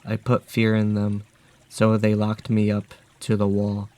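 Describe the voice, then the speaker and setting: A man voicing a huge menacing talking wolf, delivering threats in a flat, measured way. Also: lowish voice, close to an everyday voice.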